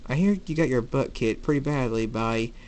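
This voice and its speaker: Man voicing a teasing country stallion, cocky and lively, storybook reading. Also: medium pitch, moderate pace, close to an everyday voice. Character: cocky male fire stallion, teasing joker.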